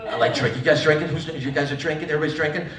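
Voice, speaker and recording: High, bright stand-up comic man. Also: steady tone, very fast, roomy sound, far from the mic, slight background noise. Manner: rowdy, acts out voices, audience laughs throughout. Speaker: stand-up comedian. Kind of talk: live stand-up comedy.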